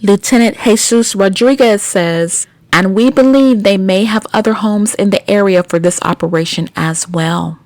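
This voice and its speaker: A woman's voice: medium pitch, moderate pace, few pauses, darkish tone, dry recording. A woman hosting a news commentary podcast, reading stories and breaking in with blunt, indignant asides to her listeners. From United States. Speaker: podcast host.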